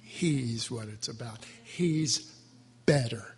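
A male preacher giving a sermon, slow and emotional, drawing out his words as he is moved to his core. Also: mid-range voice. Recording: reverberant hall, faint ambience.

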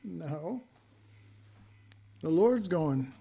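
Slow, dramatic man preaching a sermon. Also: fairly high pitch, sing-song, vocal fry, husky. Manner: dramatic swings from hushed whispers to loud emphasis; folksy, chuckling asides.

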